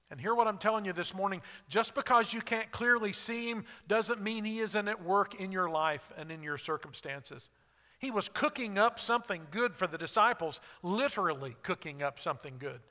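A man's voice: sits high, pushed and bright, big-room sound. A man preaching a sermon, earnest and conversational, asking his listeners questions. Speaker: pastor.

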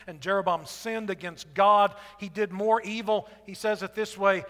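A male preacher telling a Bible story in a conversational, animated way, full of rhetorical asides. His voice is high and bright. The sound rings with a long reverb, as in a large hall. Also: moderate pace. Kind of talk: sermon.

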